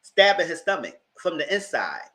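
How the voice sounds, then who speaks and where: A man's voice: on the high side, big pitch swings, moderate pace, sharp tone. A man hosting a live TV recap, telling the episode's story dramatically with slang asides and heated commentary. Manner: colorful and heated, swears in his commentary. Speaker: TV reviewer and channel host.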